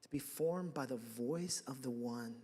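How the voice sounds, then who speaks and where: A man's voice: medium pitch, unhurried, mellow. A male pastor delivers a sermon in a casual, storytelling manner. His voice sits in a middle range, and he acts out his own past reactions as he tells the story. The sound carries a long church-hall reverb. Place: church sanctuary.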